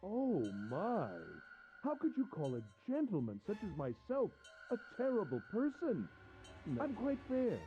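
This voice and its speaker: A man's voice: sits high, huge pitch swings, unhurried, phone-quality sound, music in the background, pitched above the performer's own voice, heavily acted. A man voicing a cruel, mocking male villain who taunts his captive in a theatrical way. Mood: gloating, mocking.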